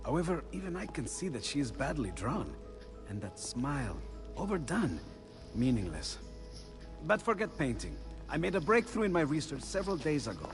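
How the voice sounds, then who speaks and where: An actor playing an older Renaissance inventor, gentle, musing and absent-minded. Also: male voice, on the high side, very animated, normal speed, music in the background. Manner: gentle, musing, enthusiastic about his research.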